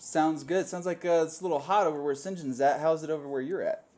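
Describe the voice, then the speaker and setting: A man's voice: fairly high pitch, fairly even intonation, fast, a little mellow. A man hosting a panel web show with upbeat show-host patter.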